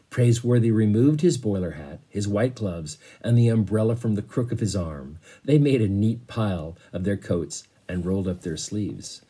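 A man reads a children's novel aloud to young listeners, his delivery steady and measured. His voice sits fairly low, with a very dark, mellow tone and a husky texture. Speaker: teacher's guest reader.

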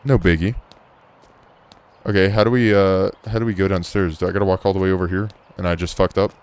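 A man's voice: low-pitched, fairly even intonation, quick pace, darkish tone, clean tone. Jumpy, cursing gaming commentator man. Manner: profane, jumpy and joking. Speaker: gaming YouTuber. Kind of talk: horror game let's play commentary.

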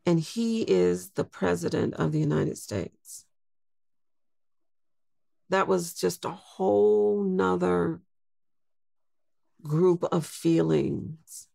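An older woman in her sixties tells her story slowly and thoughtfully. Her voice is strongly gravelly, and the recording is dry and close. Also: lowish voice, mellow, no echo. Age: 60s. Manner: slow, reflective storytelling. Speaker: guest. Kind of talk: storytelling interview.

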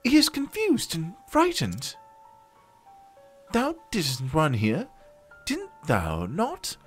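A man voicing a young woman huntress who speaks in old-fashioned thee-and-thou English and talks gently to her animal. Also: high-pitched, huge pitch swings, slow pace, soft background music, pitched above the performer's own voice, exaggerated voice. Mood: earnest.

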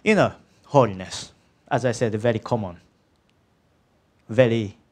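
Unhurried and darkish in tone, this man's low voice delivers a conversational sermon in second-language English with minor grammatical errors. He keeps checking in with listeners through "yeah?" and "isn't it?"

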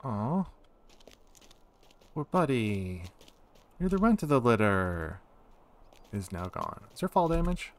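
A man's voice: medium pitch, very animated, takes it slowly, long pauses, a little hiss or hum. A man in his forties giving casual, rambling commentary while streaming a game. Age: 40s. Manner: rambling, digressive.

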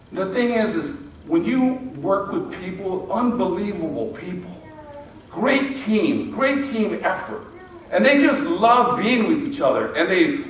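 A man preaching a sermon in a relaxed, storytelling way, with asides and rhetorical questions to the congregation. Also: high-pitched, a little hiss or hum. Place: church auditorium. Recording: echoey hall, distant mic.

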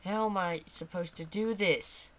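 A man's voice: sits high, measured pace, fairly bright tone. A man doing let's play commentary, frustrated and exclaiming as he keeps failing a level. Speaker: gamer.

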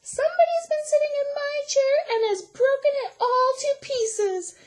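Woman doing a squeaky little baby bear. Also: lively intonation, low-quality recording. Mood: whiny. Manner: squeaky, fast and tearful. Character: wee little boy bear cub, whiny.

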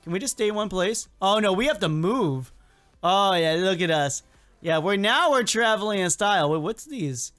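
An upbeat gaming commentator narrating play in a loose, jokey way, often laughing and talking straight to characters on screen. The voice sits at a middling pitch but bounces up and down constantly with excitement. Faint game music plays underneath. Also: moderate pace. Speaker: gaming video creator. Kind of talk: casual gameplay commentary.

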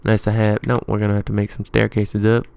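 A man's voice: lowish voice, completely flat delivery, fast, vocal fry, darkish tone, smooth. A man giving rambling let's play commentary, muttering to himself as he plays. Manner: chatty, rambling running commentary; muttering to himself while building. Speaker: gaming YouTuber.

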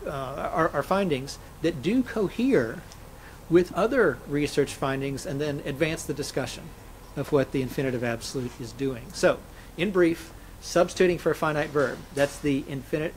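A man's voice: fairly high pitch, slight background noise, low-quality recording. A man, a scholar and interview guest, explaining grammar methodically and illustrating points with spoken examples.

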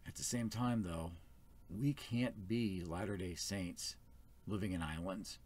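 A man's voice: low-pitched, measured pace, a little mellow. A man speaking as first elder of a small church, giving an earnest, plain-spoken sermon.

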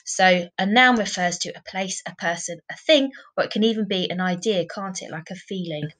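A woman teaching a primary school class in a recorded online lesson, speaking clearly and patiently, often adding tag questions. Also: mid-range voice, normal speed, fairly bright tone, poor audio.

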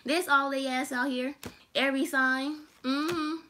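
Bright, high-voiced woman reading tarot. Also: a little slow, a little hiss or hum. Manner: animated, laughing, profane and teasing. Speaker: tarot reader.

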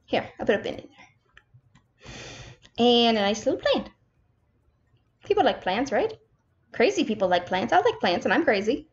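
A woman's voice: on the high side, big pitch swings, normal speed, long pauses. A young woman casually commentating as she plays a management game, chatty and self-mocking, talking to herself as she builds. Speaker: gaming streamer. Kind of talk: casual let's-play commentary. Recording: slightly dull lo-fi home recording.

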